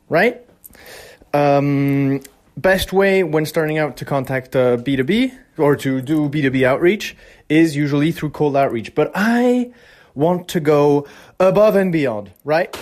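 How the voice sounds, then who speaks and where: A young man talking casually in a vlog, excitable and rambling, swearing freely as he shares his work plans. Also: a little high. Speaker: vlogger.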